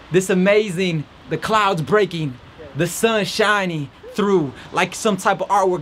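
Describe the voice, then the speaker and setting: A man's voice: high-pitched, fairly bright tone, slight background noise. A man hosting a podcast, giving an earnest, encouraging faith-based motivational talk while standing outdoors in a rainstorm. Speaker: podcast host.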